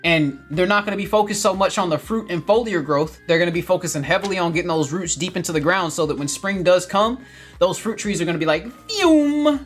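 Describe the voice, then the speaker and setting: A man's voice: high voice, quick pace, a bit bright, faint music behind. A man, hosting a casual livestream, upbeat and laughing often as he reads viewer comments. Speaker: livestream host reading chat.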